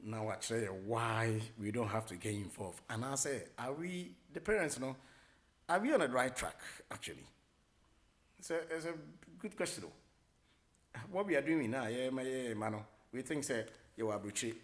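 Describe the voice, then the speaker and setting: A middle-aged man with a Ghanaian accent hosting a radio talk show, rambling casually, mixing English with Twi and filling pauses with many hesitations. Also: fairly low pitch. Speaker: radio host.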